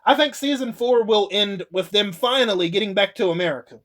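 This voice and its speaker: High-voiced man rambling through a show recap. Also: fairly quick, fairly bright tone. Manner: rambling, swearing, frequent laughs and restarts. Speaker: YouTube TV show reviewer. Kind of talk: casual spoken episode recap.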